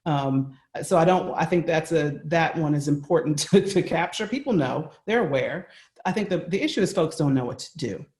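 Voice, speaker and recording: A man's voice: fairly high pitch, a little mellow. American man speaking earnestly on a call. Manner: earnest, conversational, often adds "right?". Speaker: guest speaker on workplace bias. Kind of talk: remote interview. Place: home. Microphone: video call.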